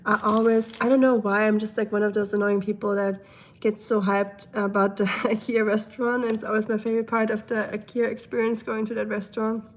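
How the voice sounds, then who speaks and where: A young woman hosting a live stream, chatting casually and reading out comments. She is silly and laughs often, and her throat is full of mucus, so she keeps clearing it. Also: medium pitch, flat delivery, a little fast.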